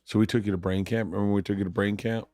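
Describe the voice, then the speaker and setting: A middle-aged man with a fairly low voice tells a story in a loose, rambling way, stumbling and repeating words as he builds up to the point. The sound is dry and close, with no room echo. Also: fairly even intonation, rapid-fire, dark tone. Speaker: podcast guest, husband. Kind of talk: casual storytelling. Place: home, late night.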